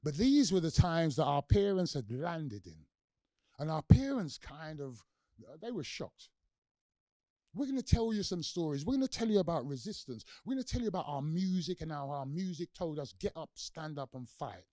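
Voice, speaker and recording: A middle-aged man with a London accent lectures an audience and tells stories in a lively way, acting out the voices he quotes and asking questions of the room. His voice sits fairly high for a man and has a warm, mellow tone. The sound is dry and close, with little room echo. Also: normal speed. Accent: London English. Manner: animated storyteller, acts out quoted voices, asks the audience questions. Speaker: guest lecturer. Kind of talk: public lecture with storytelling.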